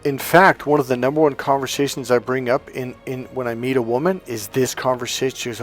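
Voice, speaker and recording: A man's voice: medium pitch, fairly even intonation, fast, few pauses, dry recording, soft background music. A man giving an emphatic coaching talk on dating, telling anecdotes and acting out the quotes. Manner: emphatic, storytelling, acts out quotes.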